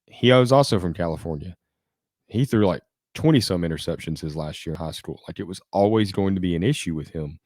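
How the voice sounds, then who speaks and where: Sports podcast co-host, man, low register, assured and methodical, dry mic. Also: fairly quick, a little mellow, no room sound. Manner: confident, argues point by point. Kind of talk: casual sports talk.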